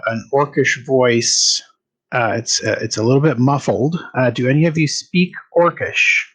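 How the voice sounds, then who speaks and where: A man running a tabletop game as game master, narrating with many filler sounds. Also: medium pitch.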